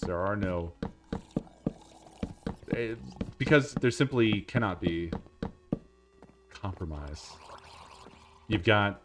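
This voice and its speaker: Male streamer, low voice, casual rambling chat, laughs and swears, faint music behind.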